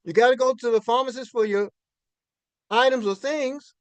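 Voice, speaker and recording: A man's voice: extremely high pitch, moderate pace, clean tone, no echo. A man in his sixties giving a finance talk to an audience as a folksy, conversational storyteller who often repeats and restarts his words. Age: 60s.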